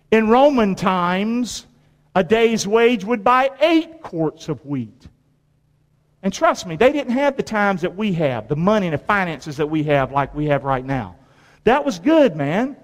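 A male preacher delivering a colloquial sermon, quizzing his congregation with call-and-response questions and repeating phrases for emphasis. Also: sits high. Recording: long reverb of a large hall.

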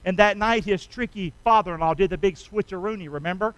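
A middle-aged man preaching a sermon, calling on the congregation to repeat lines with him and rising loud on key phrases. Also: high voice, fairly quick, no room sound, poor audio. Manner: call-and-response preaching, asks congregation to repeat. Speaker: pastor.

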